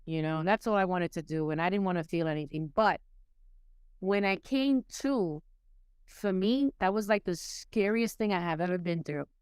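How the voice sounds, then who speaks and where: A woman's voice: on the low side, normal speed, a little mellow, clear, resonant tone, no echo. A woman from New York City, a podcast guest, candidly telling a personal recovery story with many restarts and repeated words. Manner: candid, emotional storytelling with frequent restarts and repetitions.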